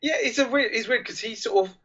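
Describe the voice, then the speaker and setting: A man's voice: extremely high pitch, quick pace, a bit bright, slightly rough, muffled recording. A man co-hosting a podcast who chimes in to agree and adds half-remembered details about a film scene. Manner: frequent agreeing interjections, hedging recall. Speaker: podcast co-host. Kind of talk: casual film discussion.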